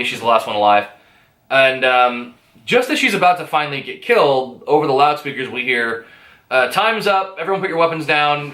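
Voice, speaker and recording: A man's voice: medium pitch, bright, forceful tone, echoey room. Rambling, profane male movie reviewer. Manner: rambling, profane, hesitant with many fillers. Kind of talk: casual spoken movie review.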